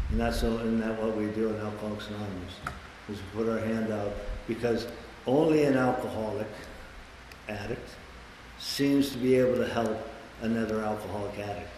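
Guy in his 20s telling his recovery story to a group, swears a lot, goes way up high doing voices, big echoey hall. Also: steady tone, moderate pace, a little mellow. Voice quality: swears freely and acts out voices with big pitch jumps. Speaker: recovery meeting speaker. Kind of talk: personal recovery share to a group. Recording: very echoey hall with long reverb, faint background noise.

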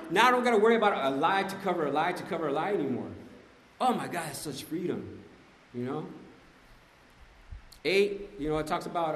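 A man giving a personal recovery testimony to a group, telling his story in an animated, slangy way and often addressing the listeners directly. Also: a little high. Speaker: speaker sharing at a recovery meeting. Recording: echoey hall with long reverb.

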